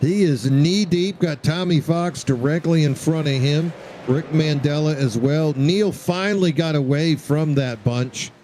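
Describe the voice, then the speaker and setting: A man's voice: on the high side, a little slow, mellow, slight background noise, poor audio. A man doing play-by-play commentary on a sim racing broadcast, joking and bantering with his co-host.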